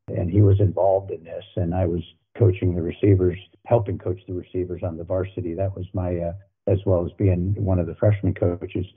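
A man's voice: low voice, slightly rough. An older man, a former football coach, telling anecdotes in a folksy way, often repeating himself as he goes. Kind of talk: storytelling guest on a podcast. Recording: phone-like narrow sound.

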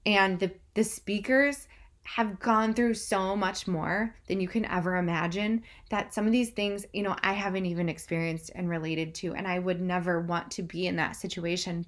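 A young woman vlogging an enthusiastic, emotional recap that she speaks straight to her viewers. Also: medium pitch. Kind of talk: casual vlog recap.

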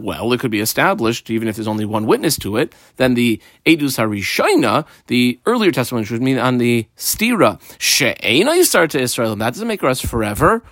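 A man's voice: mid-range voice, a bit bright, no room sound. A man teaching a study lesson, reading each line of the text aloud and then explaining it step by step. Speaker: Talmud teacher.

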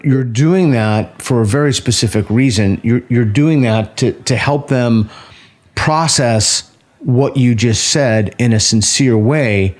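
A man in a played clip, explaining his view in an earnest, measured way. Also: medium pitch, a little mellow.

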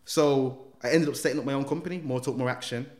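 A man, a podcast guest telling his life story in animated street slang. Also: mid-range voice, quick pace. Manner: animated, slangy, acts out voices. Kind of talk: emotional personal storytelling.

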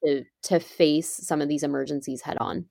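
A woman's voice: low voice, steady tone, a little fast, creaky, warm tone, dry recording, studio quality. A woman on a podcast, explaining emergency preparedness step by step in an upbeat, chatty way. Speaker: podcast guest, preparedness expert. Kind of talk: casual podcast conversation.

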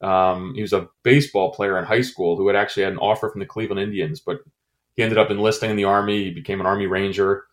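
Deep-voiced man, halting and emotional. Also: steady tone. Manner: halting, many fillers and restarts, emotional. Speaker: former intelligence station chief. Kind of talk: interview, personal recollection.

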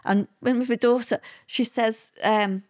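A middle-aged woman, recounting hard personal memories in an interview, halting and full of fillers and restarts. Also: fairly high pitch, fairly even intonation. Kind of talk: personal testimony in conversation.

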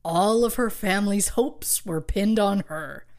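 A woman's voice: medium pitch, a little slow, a little mellow. A woman co-hosting a podcast, telling a true crime story from her research with wry asides and light laughs. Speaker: podcast co-host.

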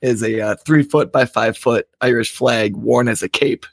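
A man in his thirties banters casually as a podcast co-host, joking and rambling through his stories. His voice sits at an everyday middle pitch. The recording is close and dry. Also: normal speed, gravelly, husky, no room sound. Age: 30s.

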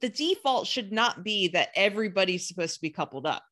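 A woman's voice: medium pitch, animated, brisk, a bit bright. A woman co-hosting a podcast, giving opinions emphatically in casual chat. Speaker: podcast co-host.

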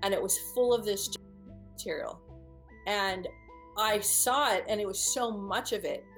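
A woman's voice: mid-range voice, a little slow, fairly bright tone. A woman recounts her own experience to listeners in an earnest, vivid manner. Her voice sits in a middle register. She often stops mid-phrase, restarts and repeats words as she tries to get the telling right, with faint music behind her. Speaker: speaker recounting a personal experience. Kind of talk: first-person storytelling to an audience.

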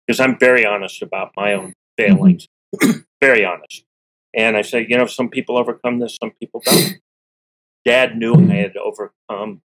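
Throat-clearing man, low earnest voice. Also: fairly bright tone, low-quality recording. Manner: clears his throat often; earnest, candid, with restarts and repeats. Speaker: interview guest, author. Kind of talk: personal storytelling in conversation.

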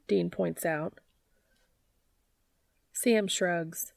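Low-voiced woman reading a story. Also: normal speed, a little mellow, dry recording, studio quality. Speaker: podcast narrator. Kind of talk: reading fan fiction aloud.

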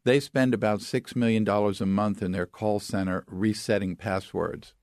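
A man's voice: on the low side, steady tone, normal speed, a little mellow, dry recording, clean studio sound. A man speaking as an expert guest, explaining things with step-by-step examples in an authoritative way. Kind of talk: explanatory interview talk.

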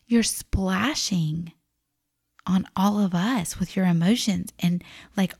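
A woman hosting a parenting podcast, explaining things in an animated way and acting out what she and her children say. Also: mid-range voice. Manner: animated, acts out kids' and her own quotes. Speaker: podcast host.

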